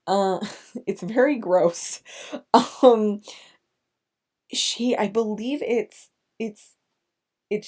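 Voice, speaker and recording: A young woman hosting a podcast, recapping a film in casual chat, speaking in halting restarts with nervous laughs as she gets emotional. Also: lowish voice, dark tone. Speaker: podcast host.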